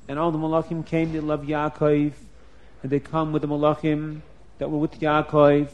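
A man telling a story to children in a lively, emphatic way, changing his voice often. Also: fairly high pitch, normal speed, dull audio.

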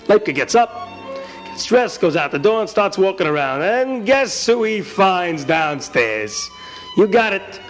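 A man narrating a folk tale in an animated, folksy way. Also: high voice, normal speed, soft background music. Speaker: storyteller. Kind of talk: storytelling narration.

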